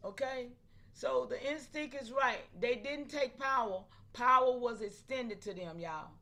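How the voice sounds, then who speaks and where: A high-pitched woman speaking hosts a live stream. She talks animatedly, often breaking off to call out to her viewers and laughing between points. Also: unhurried, pushed and bright. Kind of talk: casual live-stream talk to chat.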